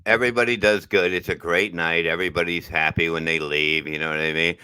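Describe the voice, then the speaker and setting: A comedian co-host whose lowish voice still has a bright edge. He rambles casually and lets his sentences trail off quietly, in a dry, close recording. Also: fairly even intonation, brisk, smooth, no room sound, low-quality recording. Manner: rambling, trailing off, hesitant restarts. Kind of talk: casual banter.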